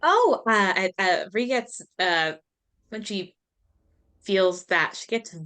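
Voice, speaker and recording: A woman's voice: medium pitch, lively intonation, slow pace, a bit bright. A woman player in a tabletop game who talks hesitantly, with many uhs and likes. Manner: hesitant, full of fillers. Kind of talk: casual tabletop play.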